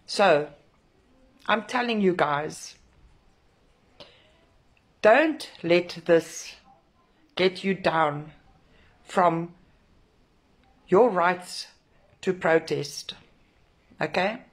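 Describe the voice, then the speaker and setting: Her voice sits low and husky, and she talks very slowly with long pauses. Shaken by a clash, this South African protest organiser rants angrily into the camera, swearing heavily and repeating herself for emphasis.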